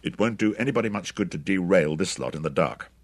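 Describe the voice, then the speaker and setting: A man's voice: low voice, lively intonation, quick pace, no echo. A man voicing a tough mercenary commander who gives curt, commanding orders.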